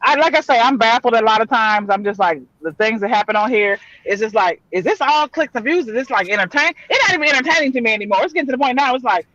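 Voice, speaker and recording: A middle-aged woman hosting a casual live panel chat, animated and exclaiming in slangy speech. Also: a little high, quick pace, hardly any pauses, dry recording, lo-fi sound. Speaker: panel host.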